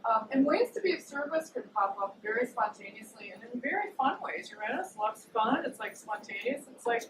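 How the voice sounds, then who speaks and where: A woman's voice: fairly high pitch, animated, moderate pace. Woman astrologer, chatty talker, echoey room, background noise. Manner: chatty, many "like" and "you know" fillers, acts out quotes. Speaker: astrologer and psychic. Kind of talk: casual astrology talk. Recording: echoey room, distant mic, noisy.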